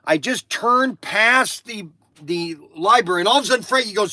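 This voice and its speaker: Older man with a bright, forceful voice. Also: high voice, animated, dry recording. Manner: halting, with many restarts and asides. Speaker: livestream host. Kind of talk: casual rambling storytelling.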